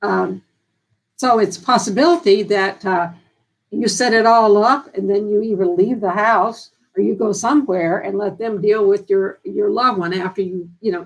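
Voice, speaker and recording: A woman's voice: medium pitch, creaky, rough recording. Folksy, earnest woman giving care advice. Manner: folksy, earnest and down-to-earth, with homespun sayings; repeats and restarts phrases while thinking aloud. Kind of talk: casual advice talk on a live stream.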